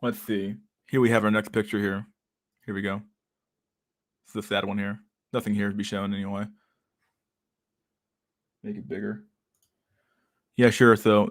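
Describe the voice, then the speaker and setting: A man's voice: fairly low pitch, flat delivery, moderate pace, long pauses. A man giving casual, rambling livestream commentary on pictures, swearing constantly and laughing often. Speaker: streamer reacting to pictures.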